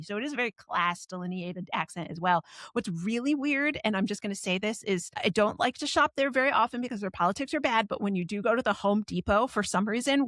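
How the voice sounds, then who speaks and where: A woman hosting a podcast discussion, giving firm, opinionated takes as she thinks out loud. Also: mid-range voice, dry recording, clean studio sound. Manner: emphatic, opinionated, thinks aloud. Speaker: podcast host.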